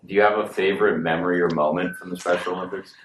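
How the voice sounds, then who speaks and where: Male interviewer, very deep voice, short questions, roomy echo with faint hiss. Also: fairly even intonation, fast talker. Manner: brief, plain questions. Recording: echoey room with faint noise.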